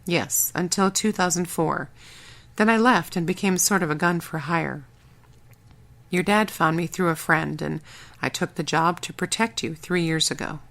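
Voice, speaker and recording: A woman's voice: fairly low pitch, normal speed, creaky, fairly bright tone. A woman voicing a blunt, no-nonsense former agent with a matter-of-fact manner, in an audiobook.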